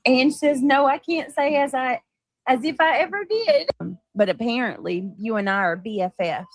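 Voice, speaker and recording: A woman's voice: high voice, expressive, moderate pace, low-quality recording. A woman co-hosting a livestream in casual chat, sarcastic, greeting chat viewers. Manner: sarcastic, reads out chat names.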